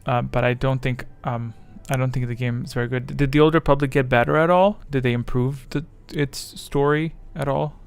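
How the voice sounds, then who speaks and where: A man's voice: medium pitch, fairly even intonation, normal speed, gravelly, few pauses, smooth. A man chatting casually on his livestream, rambling and self-deprecating as his thoughts wander. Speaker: streamer.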